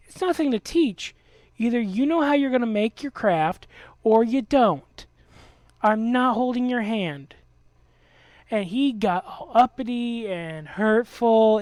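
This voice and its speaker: A man's voice: high voice, darkish tone, dry recording. A young man hosting a game video, delivering an angry, profane rant about a friend. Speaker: Let's Play host. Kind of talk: ranting commentary over gameplay.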